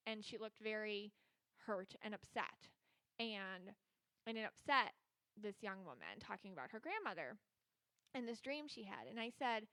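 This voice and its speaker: A woman's voice: medium pitch, a bit bright, smooth, no room sound. A woman hosting a podcast as a psychic reader, talking casually in a chatty, rambling way with many filler words. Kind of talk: casual solo podcast talk.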